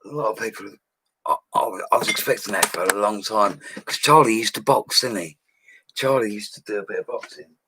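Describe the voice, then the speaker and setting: With background noise behind him, a man with a lowish voice talks briskly. He's a livestream host in a home studio, reading viewer comments in a casual, slangy, upbeat style and laughing frequently.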